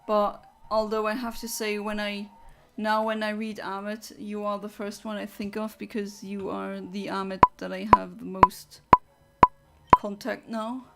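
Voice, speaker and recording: A woman's voice: medium pitch, level tone, measured pace, vocal fry, over loud music. A woman chatting casually with her viewers during a game livestream, rambling and answering chat. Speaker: streamer.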